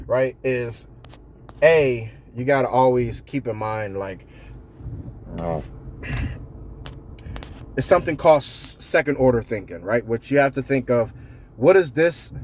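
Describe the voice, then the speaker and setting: A man talks straight to camera in a loose, profane monologue. He is blunt and joking and swears freely. His pitch sits in the middle of the typical male range. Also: a little mellow. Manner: joking, blunt, swears a lot, slips into impressions. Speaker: vlogger giving workplace advice.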